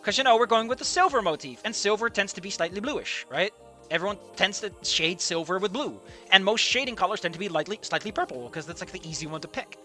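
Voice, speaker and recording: Expressive, animated reacting streamer. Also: fast, soft background music. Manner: excitable, swears a lot, swings from shouted outbursts to low muttering. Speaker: streamer reacting to a fan comic. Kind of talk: casual live reaction commentary.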